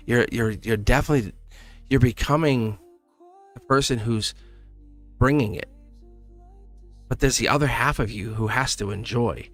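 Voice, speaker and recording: A man in his thirties reads tarot live for his viewers, lively and quick to laugh, speaking to them directly. His voice sits at a middle pitch. Faint music plays behind him. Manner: animated, laughs often, talks straight to viewers. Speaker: tarot reader.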